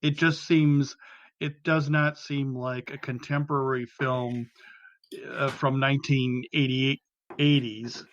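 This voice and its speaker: A man's voice: medium pitch, little pitch movement, takes it slowly, a bit bright, no echo, muffled recording. A man on a podcast panel giving a casual, critical film opinion, full of restarts and fillers. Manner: hesitant, many restarts and fillers, dry critical.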